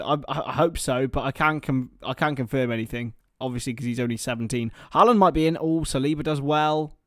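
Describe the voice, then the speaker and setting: A young British man hosting a live football watchalong, mixing excitable play-by-play with rambling banter. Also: mid-range voice, a little fast, few pauses, no echo, studio quality. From Britain. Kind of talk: casual live match commentary and chat.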